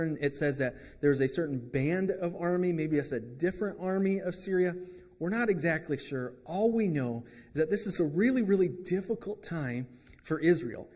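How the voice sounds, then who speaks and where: A man's voice: a little high, in a large hall. A man preaching a sermon as pastor, in a conversational way with joking asides.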